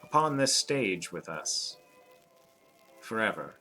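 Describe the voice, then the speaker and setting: A man's voice: on the low side, sing-song, takes it slowly, sharp tone, soft background music, voice pushed up, exaggerated voice, rough recording. A man voicing a cryptic old-world bookseller. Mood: musing. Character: cryptic male bookshop keeper, calm and philosophical.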